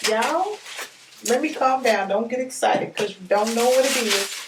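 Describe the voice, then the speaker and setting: A fairly high-voiced woman gushes her way through an unboxing, talking right to her viewers. She sounds a little distant from the mic. The room echoes around her. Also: moderate pace, noisy background. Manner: excitable, gushing, talks straight to viewers. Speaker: unboxing vlogger. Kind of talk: casual unboxing chat. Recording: roomy echo, mic at a distance.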